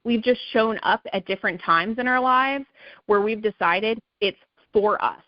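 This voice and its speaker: A woman's voice: on the high side, normal speed, no echo, dull audio. A woman leading a sales team call, giving an emphatic motivational talk that keeps coming back to okay and right. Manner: emphatic, repetitive, pep-talk, says okay and right a lot.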